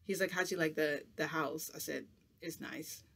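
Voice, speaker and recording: A man's voice: fairly high pitch, steady tone, a little fast, vocal fry, sharp tone. A man chatting to camera as a vlogger, telling a long rambling story full of "like" in a casual, chatty way.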